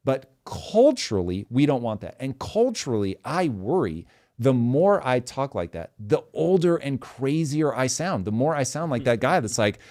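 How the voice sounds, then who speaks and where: Swearing freely, a forties-aged talk show host chats casually and tells animated stories with lots of emphasis. He speaks at a normal speed in a mid-range voice.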